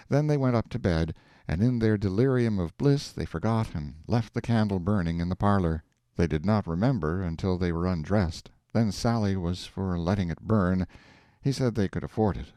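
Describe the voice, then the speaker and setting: A man reading a classic story aloud in a measured, expressive way. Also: low-pitched, no echo, clean studio sound. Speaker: audiobook reader. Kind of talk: scripted narration of a classic story.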